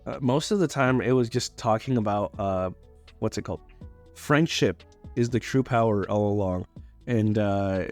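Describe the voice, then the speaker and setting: A man's voice: on the low side, darkish tone. Rambling young man, swearing casually. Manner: rambling, loose, swears casually, many fillers and restarts. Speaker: YouTuber reviewing a movie.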